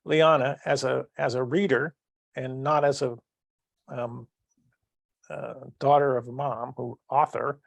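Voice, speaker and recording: A man's voice: medium pitch, little pitch movement, measured pace, vocal fry, pauses often, dry recording. A man in his sixties hosting a podcast interview, asking long rambling questions full of restarts. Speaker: podcast host. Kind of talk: casual interview.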